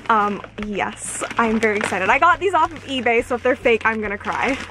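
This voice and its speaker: A woman vlogging an unboxing, gushing and squealing with excitement. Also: on the high side, a little fast, noisy background.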